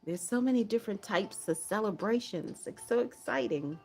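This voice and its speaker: A woman's voice: medium pitch, lively intonation, normal speed, darkish tone, breathy edge, faint music behind. A woman hosting a livestream prayer watch, chatting casually, laughing often and reading viewer comments aloud.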